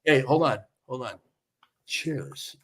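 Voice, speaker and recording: A man's voice: medium pitch, sing-song, slow, crowd noise. An older man, a retired fire chief, telling a personal story in a casual interview and acting out the dialogue. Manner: emotional storyteller, acts out quoted dialogue. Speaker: podcast guest, retired fire battalion chief.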